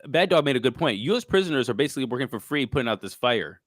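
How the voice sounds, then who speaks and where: A man's voice: medium pitch, big pitch swings, racing, dry recording, clean studio sound. A man co-hosting a political talk show, pushing back hard and getting exasperated. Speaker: co-host.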